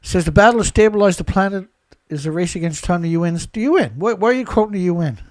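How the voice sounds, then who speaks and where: A man's voice: sits high, animated, quick pace, dry recording. Angry ranting man, dry close sound. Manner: repetitive, rhetorical questions. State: congested, blowing nose. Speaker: live show host. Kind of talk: impassioned live commentary.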